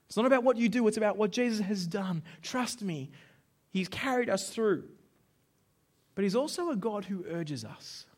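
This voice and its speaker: A man's voice: high voice, moderate pace. A man preaching a sermon, telling stories with acted-out dialogue. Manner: storytelling, animated, plays out dialogue with shouts. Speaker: pastor.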